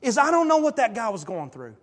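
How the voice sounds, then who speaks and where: High-voiced preacher in a reverberant hall. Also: male voice, fairly quick. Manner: animated storytelling, emphatic rises. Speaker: pastor. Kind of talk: sermon. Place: church sanctuary.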